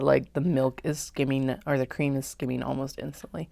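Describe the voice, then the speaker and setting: A woman's voice: very deep voice, little pitch movement, normal speed, gravelly, dark tone, a little hiss or hum. A woman vlogging casually while sewing, chatty, muttering and half-whispering to herself as she works.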